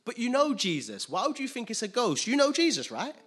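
Animated husky male preacher. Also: brisk. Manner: animated, acts out scenes with sudden loud high outbursts. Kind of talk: sermon.

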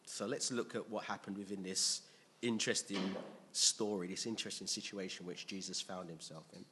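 A man's voice: sits low, fairly even intonation, normal speed, bright, forceful tone, breathy edge. A man preaching a sermon to a congregation, earnestly asking them questions, often restarting his sentences, and reading scripture aloud.

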